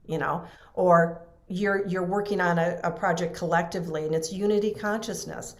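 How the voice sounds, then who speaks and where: A woman's voice: on the low side, fairly quick. A middle-aged woman, a podcast guest, tells a personal story in earnest, emotional conversation, often restarting her sentences.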